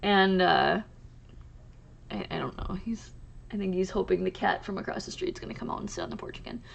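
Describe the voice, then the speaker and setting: A woman hosting a crochet channel, talking casually to camera in a soft, halting way with many pauses and restarts. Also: lowish voice, creaky, highs cut off.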